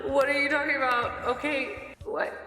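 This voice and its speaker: A young woman vlogging as she follows a painting tutorial, chatty, playful and excitable. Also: high voice, normal speed. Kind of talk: casual reaction commentary.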